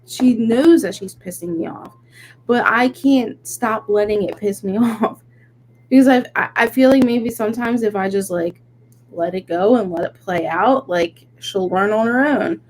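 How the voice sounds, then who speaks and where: A young woman co-hosting a podcast, telling a story in an animated, venting way with lots of "like"s. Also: medium pitch, a little slow, a little hiss or hum, low-quality recording. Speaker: podcast co-host. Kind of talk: casual chat.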